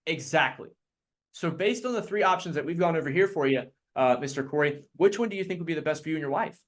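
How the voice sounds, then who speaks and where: A man leading a live sales training talk, energetic and quick to act out his clients in put-on voices. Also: a little high.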